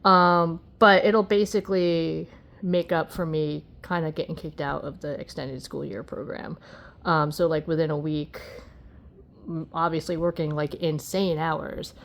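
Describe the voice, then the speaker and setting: A woman's voice: low voice, gravelly. A tired woman chatting casually as a vlogger while she crochets, rambling and filling her talk with "you know" and "um".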